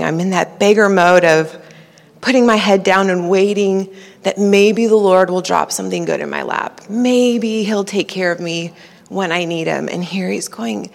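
A woman's voice: mid-range voice, a little slow, creaky. Woman telling a church story, chatty, lots of "like", echoey hall. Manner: chatty, says "like" a lot. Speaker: church member sharing a testimony. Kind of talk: personal testimony.

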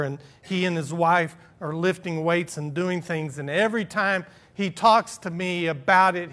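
A man's voice: a little high, a bit bright. A middle-aged male pastor preaching a sermon earnestly, with self-deprecating humor.

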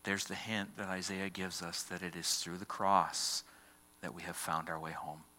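A male pastor preaches with a fairly low voice and a forceful, bright edge. His delivery is dramatic, with swings between ringing emphasis and hushed near-whispers. He is speaking in a church. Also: little pitch movement, moderate pace. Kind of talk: sermon.

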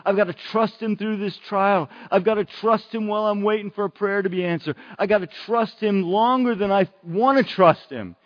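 A man's voice: high-pitched, normal speed, few pauses, dull audio. A man preaching a sermon in an earnest way, repeating phrases for emphasis.

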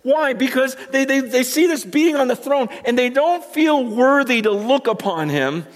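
A male pastor preaching a sermon, swinging between loud emphasis and hushed asides and repeating words as he builds his points. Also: very high-pitched, lively intonation, moderate pace. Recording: long reverb from a large hall.

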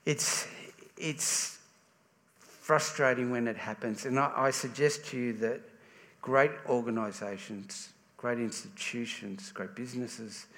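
A man's voice: mid-range voice, a bit bright. An Australian man giving a sermon in a conversational way, often restarting his sentences. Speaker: preacher. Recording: reverberant church hall.

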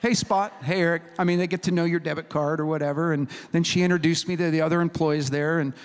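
A man preaching a sermon as a humorous, animated storyteller who acts out the people in his story. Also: fairly high pitch, fast talker, clean tone. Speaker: pastor. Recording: reverberant hall recording.

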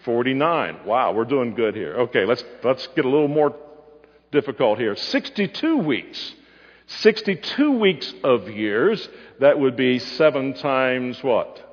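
A man's voice: mid-range voice, very animated, unhurried. A man preaching a Bible-teaching sermon, quizzing his listeners and answering himself. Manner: asks the audience questions and answers them. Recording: muffled hall recording with long reverb.

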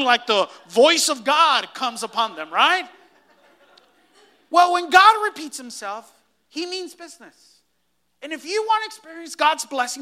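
Male pastor mid-sermon, animated and bright, punches key lines and calls for answers. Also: very high voice. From Hispanic household in the US. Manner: emphatic, repeats key phrases and quizzes the congregation.

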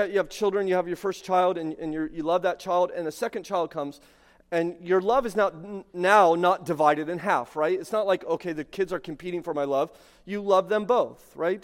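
Pastor preaching in a reverberant sanctuary. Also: male voice, fairly high pitch. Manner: conversational, frequent 'right?' asides, restarts. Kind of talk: sermon. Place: church sanctuary. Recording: long hall reverb from a sanctuary PA.

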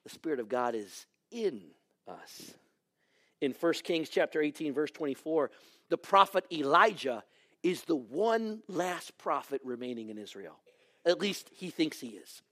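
A man preaching a sermon, telling stories dramatically and swinging from raised exclamations to hushed near-whispers. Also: fairly high pitch, sing-song, measured pace.

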